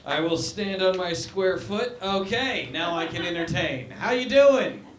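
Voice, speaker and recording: A man in his thirties doing a halting, deadpan, self-deprecating stand-up set on a handheld mic in a small club. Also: sits high, noisy background. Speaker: stand-up comedian. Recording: roomy live venue sound.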